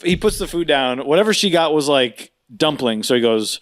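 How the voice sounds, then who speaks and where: A little fast and with hardly any pauses, a podcast co-host tells a humorous story during casual chat. He laughs frequently and animatedly mimics voices, making big pitch jumps.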